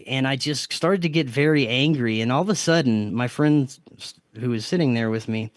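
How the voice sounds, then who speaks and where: A man's voice: mid-range voice, normal speed, dry recording. A man, a podcast guest, earnestly retelling a strange experience with restarts and quoted self-talk. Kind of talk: storytelling in casual interview.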